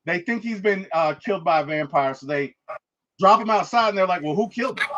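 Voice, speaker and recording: A man hosting a movie review, retelling the plot in an animated, emphatic way and checking in with "okay?" and "right?". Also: high-pitched, a little fast, highs cut off.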